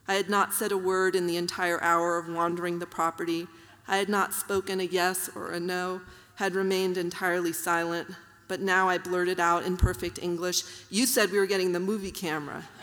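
A woman with a lowish voice reads her own prose to an audience, measured and even. Her voice rings with the long reverb of a hall. She adds soft fillers between passages. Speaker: author reading her work. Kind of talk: literary reading aloud.

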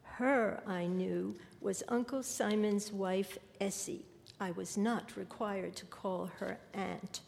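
A woman reading her literary fiction aloud in a measured, deliberate way. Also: mid-range voice, fairly even intonation, creaky, a little mellow. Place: lecture hall. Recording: long hall reverb.

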